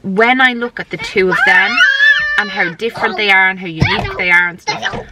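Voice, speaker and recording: A woman's voice: medium pitch, huge pitch swings, brisk, raised voice, very noisy. Chatty woman vlogger in her thirties. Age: 30s. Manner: chatty, laughs often, self-deprecating. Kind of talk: casual vlog chat. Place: in a car on a rainy road trip.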